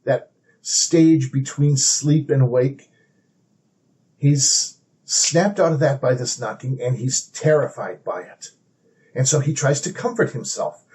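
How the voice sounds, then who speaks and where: Guy teaching how to read poems, mellow warm voice, measured and explaining. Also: medium pitch. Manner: measured, explanatory, reads verse aloud dramatically. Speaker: poetry teacher. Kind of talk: poetry lesson with readings.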